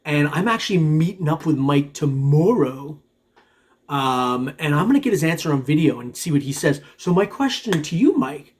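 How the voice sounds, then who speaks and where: A man's voice: on the high side, lively intonation, moderate pace. A man hosting a metal detecting vlog, chatting to viewers in a loose, rambling way, chuckling often and calling everyone "man". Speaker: metal detecting channel host. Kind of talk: casual vlog chat to viewers.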